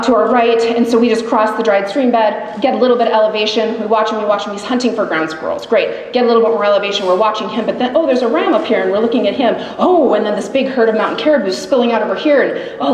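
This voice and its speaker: A middle-aged woman telling a live story on stage, lively and animated, acting out the quotes. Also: a little high, slight background noise. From grew up in grizzly bear country. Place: live event hall. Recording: echoey hall recording, faint ambience.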